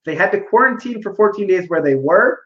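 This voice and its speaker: High-voiced, skeptical man on a dull, echoey mic. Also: animated, brisk. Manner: profane, skeptical, laughs often. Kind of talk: casual chat.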